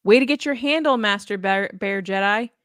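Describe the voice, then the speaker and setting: A woman's voice: mid-range voice, normal speed, fairly bright tone, clean tone, no room sound, clean studio sound. A woman co-hosting a podcast in casual chat, reading out listener answers with a teasing, giggly manner. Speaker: podcast co-host.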